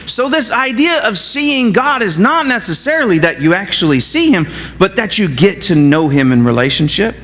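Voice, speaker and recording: A male pastor preaches to his congregation in a high, very expressive voice that swings up and down. He keeps asking the room questions. His words ring with the long reverb of a church hall. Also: normal speed, hardly any pauses. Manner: animated, asks the congregation questions. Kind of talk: sermon. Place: church sanctuary.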